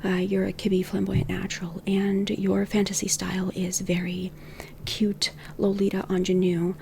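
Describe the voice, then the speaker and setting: A woman talking to camera about personal style in a gentle, whispered, heart-to-heart way. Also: medium pitch, monotone, normal speed, gravelly, slight background noise. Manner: whispers much of the time. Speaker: style consultant and YouTuber. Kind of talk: soft-spoken talk to camera.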